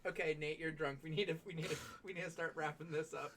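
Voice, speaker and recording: A man's voice: fairly high pitch, steady tone, fast talker, fairly bright tone, a little hiss or hum. A man playing in a casual tabletop game, teasing and wisecracking. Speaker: player.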